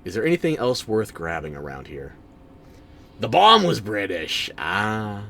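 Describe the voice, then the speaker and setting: A man's voice: on the low side, wildly swooping pitch, unhurried, gravelly, pushed and bright, slight background noise. A man streaming a game, giving casual commentary in a wry, sarcastic way and bantering with chat.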